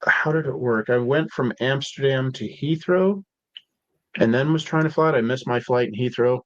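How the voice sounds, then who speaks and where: A man's voice: mid-range voice, normal speed, dry recording, lo-fi sound. A man guest on a podcast, telling rambling stories in a casual, profane way, full of "like" and "dude". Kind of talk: casual storytelling.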